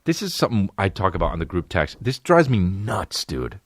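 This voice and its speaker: A man in his thirties delivers a comedic podcast monologue, swearing freely and working himself up into an animated, pitch-climbing rant. The recording is close and dry, with no room around the voice. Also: a little fast, slightly rough, no room sound. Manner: profane, ranting, rising to a high-pitched mock outrage. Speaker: podcast host.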